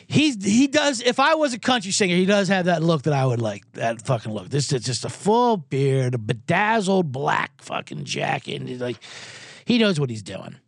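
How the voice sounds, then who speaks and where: A man's voice: medium pitch, creaky, breathy edge, no echo, studio quality. A man hosting a sports betting livestream, talking casually and profanely, rambling and reading out viewer comments. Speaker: sports betting show host.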